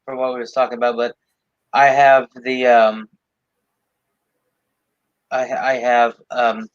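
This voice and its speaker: A man of middle pitch who speaks haltingly, stopping and restarting with fillers as he chats. His audio sounds dull and muffled, the highs rolled off. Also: flat delivery, no room sound. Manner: hesitant, halting, lots of fillers. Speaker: guest co-streamer. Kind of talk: casual chat.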